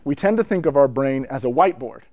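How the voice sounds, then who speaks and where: A man giving a conversational teaching talk to church musicians, telling stories with lots of asides and building the excitement as he goes. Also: medium pitch, fast talker, no echo. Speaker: speaker addressing church musicians. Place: indoor room with a whiteboard.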